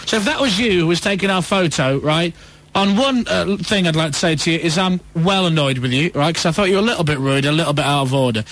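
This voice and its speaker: Lively high-voiced radio host. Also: male voice. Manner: animated storyteller doing quick voices. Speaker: radio breakfast show host. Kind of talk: radio show chat and anecdote.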